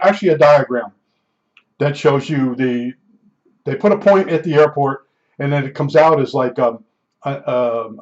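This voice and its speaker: Rambling man telling a story, slightly high voice. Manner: rambling, with many restarts and asides. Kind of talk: casual personal storytelling. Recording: dull lo-fi recording.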